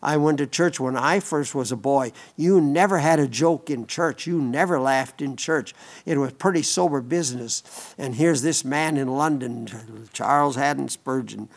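A man's voice: mid-range voice, moderate pace. An older man preaching a sermon in an earnest, folksy way, with frequent restarts and asides.

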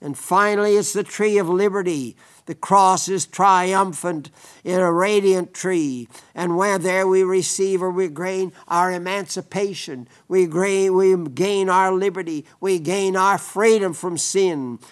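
A man preaching a sermon, fervent, rising to emphatic peaks and sinking to hushed tones. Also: steady tone, unhurried, clean tone. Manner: fervent, rises to loud emphatic peaks, then sinks to hushed low tones.

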